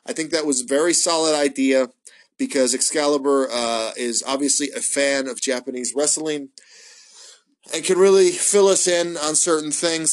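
A man hosting his own show, rambling casually and excitably, swearing often and stumbling through fillers. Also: mid-range voice. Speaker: wrestling podcast host. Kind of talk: casual solo ramble review.

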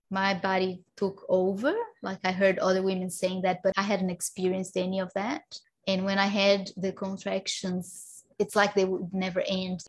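Laughing woman telling a birth story. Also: mid-range voice. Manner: animated, laughing, acts out quoted voices. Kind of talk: casual personal storytelling.

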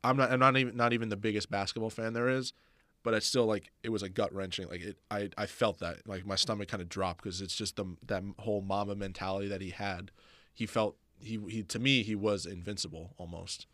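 A man talking as a guest on a podcast, fast and halting, with many restarts. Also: fairly low pitch, steady tone, fairly bright tone, no room sound. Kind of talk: casual podcast chat.

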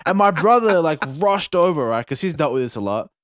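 Animated Australian young man telling a story. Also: on the high side, a little fast, a little hiss or hum. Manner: animated, swears freely, acts out shouts. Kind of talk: casual storytelling.

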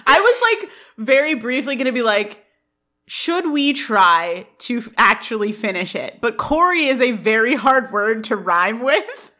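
Woman, podcast co-host, bright tone, chatty recap, giggly. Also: on the high side, big pitch swings. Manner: chatty and giggly, quick to laugh. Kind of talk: casual scene-by-scene recap.

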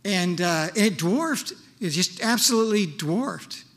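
A man with a high voice delivers a lively church sermon. He talks in a conversational way and keeps turning to his listeners with questions. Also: a little slow. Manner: animated, conversational, asks the congregation questions. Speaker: pastor.

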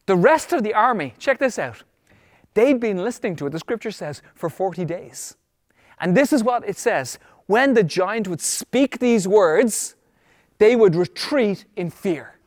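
A man preaching a sermon as pastor, emphatic, slowing down on key words and then rushing ahead. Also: high voice, expressive, darkish tone, dry recording, studio quality, big-room sound. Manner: emphatic preaching, shifting between slow stress and quick bursts.

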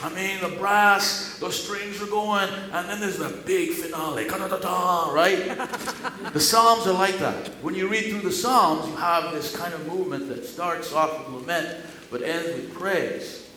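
A man preaching to his congregation in a voice a little higher than most, moving from loud, emphatic scripture reading to quiet, chatty asides. The sound carries a roomy echo, with faint background ambience underneath. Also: measured pace, slight background noise. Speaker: pastor. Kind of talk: sermon. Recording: echoey room with faint ambience.

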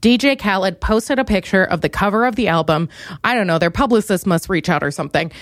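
A young woman hosting a comedic solo podcast, ranting theatrically and jumping into loud, high outbursts. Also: quick pace, dry recording, clean studio sound. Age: young adult. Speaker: podcast host.

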